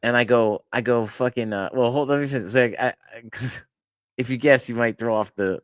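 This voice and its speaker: A man's voice: medium pitch, fairly quick. A man in the middle of his range, animatedly telling a story as a podcast host. He stumbles and restarts, drops the odd curse, and laughs partway through. The sound is dry, with no room echo. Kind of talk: casual storytelling chat.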